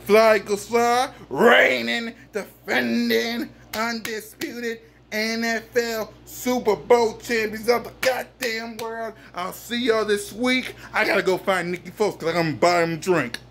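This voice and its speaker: A man's voice: extremely high pitch, fairly even intonation, unhurried, vocal fry, a bit bright, a little hiss or hum. A man delivering a boisterous, trash-talking postgame rant as a sports fan, hollering and chanting the same lines over and over. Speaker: sports fan ranting after a game.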